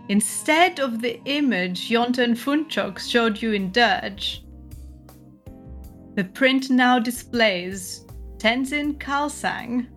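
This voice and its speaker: A woman's voice: on the high side, a bit bright. A woman narrating a tabletop horror game as game master, describing scenes and often laughing.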